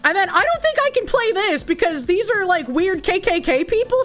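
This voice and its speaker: Her voice is extremely high and very animated, a bit bright, moving at a moderate pace over faint background music. This Boston-accented woman gives casual livestream commentary, ranting bluntly and with plenty of profanity.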